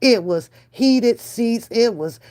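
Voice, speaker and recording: A woman's voice: a little high, lively intonation, slow pace, dark tone. A woman hosting a casual reaction vlog, slangy and emphatic, with frequent laughter. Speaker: reaction channel host.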